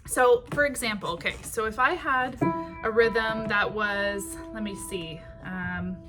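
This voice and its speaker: A woman teaching songwriting in a patient, unhurried way, with many ums and short sung phrases. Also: medium pitch, over loud music.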